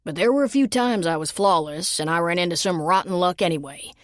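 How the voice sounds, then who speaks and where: A tender, devoted firefighter, voiced by a woman narrator, speaking low and earnest in a romance audiobook. The voice sits a little low and gentle. The recording is dry and close. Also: a little fast, no room sound, lightly acted. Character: tender devoted male firefighter, adult man.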